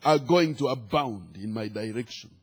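This pastor, a middle-aged man from Uganda, preaches in a husky, medium-pitched voice with a Ugandan accent at a moderate pace. His sermon shifts between quiet asides and loud declarations.

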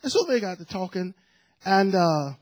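A man preaching a sermon, telling a family story in a chatty, animated way with asides before reading and explaining scripture. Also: high voice, normal speed, lo-fi sound. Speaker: pastor.

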